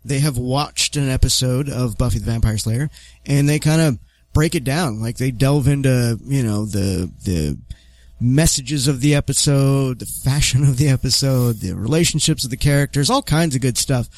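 A man's voice: mid-range voice, moderate pace, darkish tone, no room sound. A man hosting a podcast in a casual chat, talking with a lisp because he is wearing fake vampire fangs. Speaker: podcast host.

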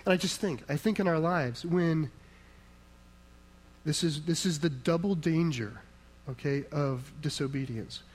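Emphatic preacher man, slightly high voice. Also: unhurried, husky, rough recording. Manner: emphatic, rhetorical questions and answers; conversational asides to the congregation. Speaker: pastor. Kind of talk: sermon.

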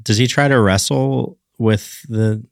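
A man's voice: mid-range voice, fairly even intonation, measured pace, creaky, dry recording. A man hosting a podcast interview in a playful, teasing way. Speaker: podcast host. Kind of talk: casual interview.

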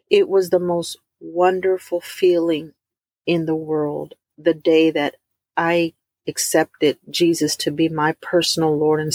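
A middle-aged woman, telling a heartfelt personal testimony to her listeners, warm and emotional, calling them y'all. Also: low voice, dry recording, studio quality. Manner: emotional, addresses listeners as y'all, drawn-out emphasis. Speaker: host of a faith talk stream.

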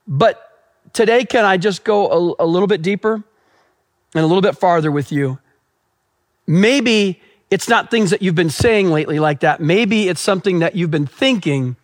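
A man's voice: high-pitched, expressive, normal speed, dry recording, clean studio sound. A middle-aged man, a pastor preaching a sermon, telling a family story with emphatic repetition and acted-out quotes. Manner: emphatic storytelling, repeats key phrases, acts out quotes.

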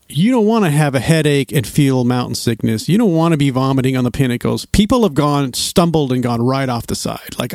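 A man's voice: medium pitch, no echo. A middle-aged man casually telling a hiking story, acting out other people's voices as he goes. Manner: animated, acts out quoted voices. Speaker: storyteller recounting a hike.

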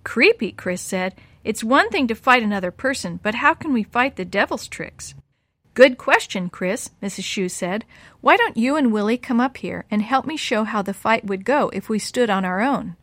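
A woman reading a chapter book aloud to children, giving the kids' lines lively voices. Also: a little high, moderate pace, no room sound. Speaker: storyteller for children.

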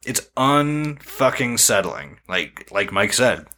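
A man's voice: medium pitch, very animated, slow pace, bright, forceful tone. A man co-hosting a podcast, describing a video in rambling casual chat. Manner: rambling, hesitant, many fillers. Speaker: podcast co-host.

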